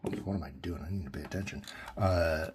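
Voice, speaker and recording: A man's voice: low-pitched, quick pace, a little hiss or hum. A man giving a casual, rambling pen review, full of fillers and self-corrections.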